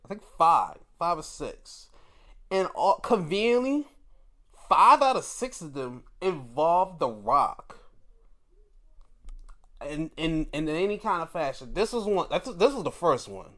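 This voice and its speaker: A man hosting a show, giving a loose, chatty recap of an old wrestling episode and reacting with quick exclamations. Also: a little high, big pitch swings, pushed and bright. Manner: chatty, loose storytelling with restarts. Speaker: show host.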